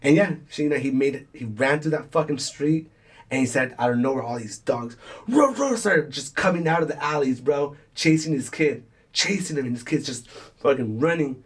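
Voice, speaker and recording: A man's voice: medium pitch, moderate pace, husky. A young man hosting a casual podcast, telling a rambling, swear-filled story and acting out the people in it. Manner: rambling, swearing, acts out quoted voices. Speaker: podcast host.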